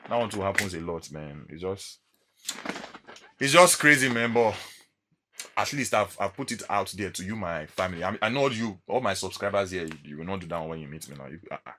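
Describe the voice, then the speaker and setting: Nigerian male vlogger, low-set and bright, animated storyteller. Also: fairly quick, slight background noise. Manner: animated storytelling, acting out encounters. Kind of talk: casual monologue to camera.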